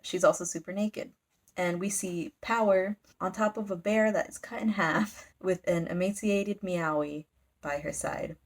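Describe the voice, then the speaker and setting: A woman's voice: lowish voice, steady tone, measured pace. A woman recapping a manga in a casual, rambling chat, giggling and using lots of fillers. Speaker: manga reviewer.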